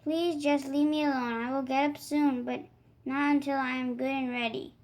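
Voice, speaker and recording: A woman's voice: sits high, fairly even intonation, normal speed, a little mellow. A woman voicing a lazy, sleepy male groundhog who grumbles, in a storybook read-aloud. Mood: grumpy. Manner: drowsy, grumbling.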